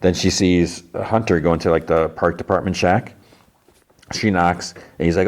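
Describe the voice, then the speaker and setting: Very low-voiced man recapping casually. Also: fairly even intonation, darkish tone. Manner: loose, filler-heavy retelling with quick voiced quotes. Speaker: podcast host recapping an episode.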